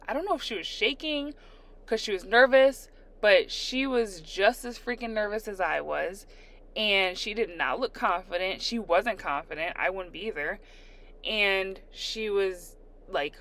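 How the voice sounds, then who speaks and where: A young adult woman casually telling a story while doing her nails, animated and laughing as she re-enacts her own panic. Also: mid-range voice. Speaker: storyteller, nail art vlogger.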